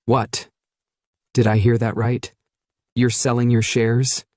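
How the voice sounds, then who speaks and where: A man voicing a sharp, professional, ambitious businesswoman. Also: medium pitch, level tone, takes it slowly, dry recording, studio quality, lightly acted. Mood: smug.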